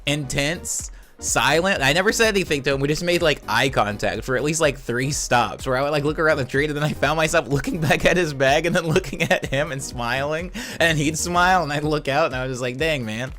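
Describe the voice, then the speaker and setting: A man's voice: a little high, fairly quick, hardly any pauses, fairly bright tone. Laid-back rambling male streamer. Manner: laid-back, rambling, laughs easily, many fillers. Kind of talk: casual livestream chat reading viewer messages. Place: home. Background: faint music.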